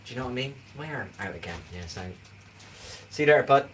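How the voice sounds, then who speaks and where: A lively, quick-paced man with a medium-pitched, slightly bright voice chats casually on a livestream. Now in his forties, from England and speaking with an English accent, he rambles and keeps asking whether you know what he means. A distant mic picks him up along with faint background noise.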